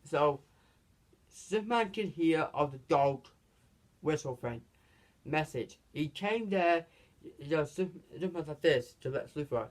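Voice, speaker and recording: Male reviewer, casual and rambling, talks in fits and starts, voice a touch high. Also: lively intonation, measured pace, long pauses. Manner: rambling, lots of restarts and "basically". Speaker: movie reviewer. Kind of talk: casual movie recap.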